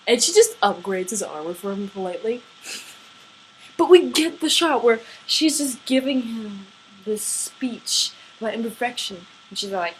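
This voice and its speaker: A woman's voice: a little high, animated, moderate pace, slight background noise, low-quality recording. A woman gushing about her favorite fictional couple in a casual vlog, swearing freely, gasping and laughing as she goes. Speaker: vlogger. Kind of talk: excited fan rant.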